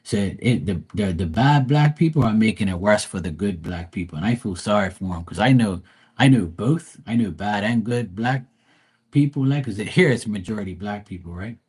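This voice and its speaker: A man's voice: fairly low pitch, animated, normal speed, a little mellow, husky. A man telling a story in a casual, profane rant, acting out quoted lines with animation. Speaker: livestream host. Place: Bermuda.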